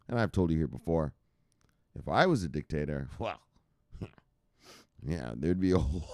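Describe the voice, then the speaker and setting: A man's voice: fairly low pitch, no room sound, clean studio sound. Rowdy, profane man hosting crypto news. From United States. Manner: loud, laughing, swearing, shouting outbursts. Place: home at night in a city.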